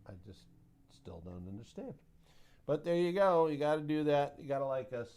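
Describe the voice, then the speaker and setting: A man's voice: fairly high pitch, very animated, normal speed, darkish tone. A man hosting a casual market recap, chatty and joking, with sound-effect mimicry. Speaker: host of a trading recap show.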